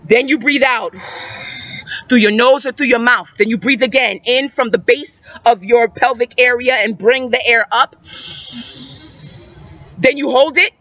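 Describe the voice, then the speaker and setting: A woman's voice: a little high, a bit bright, no echo. A woman giving emphatic, repetitive spiritual advice to young viewers in a preacherly way. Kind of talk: metaphysical advice talk. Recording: dull lo-fi recording.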